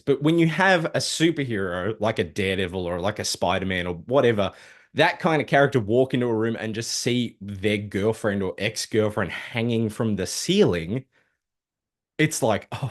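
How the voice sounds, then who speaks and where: A man casually recapping a dark comic book story, swearing freely and throwing in sarcastic asides. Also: lowish voice. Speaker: comic book video host.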